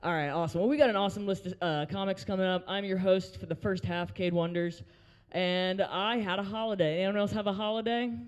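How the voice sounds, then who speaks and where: A man's voice: high-pitched, steady tone, a little fast, clean tone, in a large hall. A young man hosting an open mic, doing a crude stand-up set and working the crowd in a brewery. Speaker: open mic host and comedian. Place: brewery taproom, live audience.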